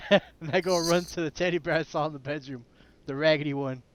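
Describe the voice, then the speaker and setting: A man playing a character in a tabletop horror game, animated and laughing often. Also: on the high side, a little fast, clean tone, dry recording. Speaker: player. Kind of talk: tabletop role-play, in and out of character.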